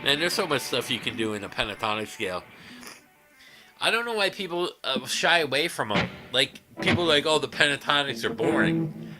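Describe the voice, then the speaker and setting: A man's voice: mid-range voice, sing-song, a little fast. A man hosting a guitar livestream, chatting casually and rambling through stories with frequent chuckles.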